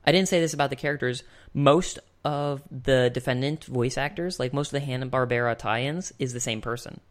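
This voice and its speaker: A young man hosts a podcast in a relaxed, rambling way and chuckles often. He speaks into a desk microphone at an ordinary pitch. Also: fairly quick. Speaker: podcast host. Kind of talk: casual chat.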